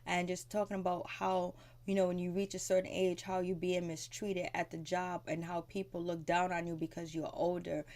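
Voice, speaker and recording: A woman's voice: lowish voice, flat delivery, moderate pace, hardly any pauses, darkish tone. Rambling woman recapping a TV episode. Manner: rambling and conversational, frank, with fillers and mild swearing. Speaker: TV recap vlogger.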